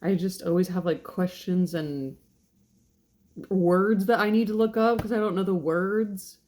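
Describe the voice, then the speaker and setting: A woman's voice: medium pitch, steady tone, measured pace, darkish tone, slight background noise. A woman in her late thirties giving a chatty, rambling vlog intro from her home kitchen, joking at her own expense. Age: 30s. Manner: chatty and rambling, self-deprecating, frequent laughs. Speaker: channel host.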